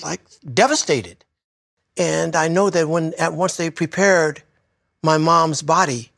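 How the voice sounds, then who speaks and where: An older man from Detroit recalling his childhood in a reflective, heartfelt way, sometimes speaking softly. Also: fairly high pitch, creaky, husky, dry recording, studio quality. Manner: reflective, heartfelt, soft at times. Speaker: interviewee. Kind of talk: personal storytelling.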